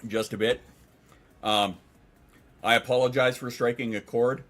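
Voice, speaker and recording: A man's voice: medium pitch, fairly even intonation, a little slow, fairly bright tone. A man chatting casually on a livestream, reading chat aloud and replying in a rambling, profane way with frequent restarts. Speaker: streamer.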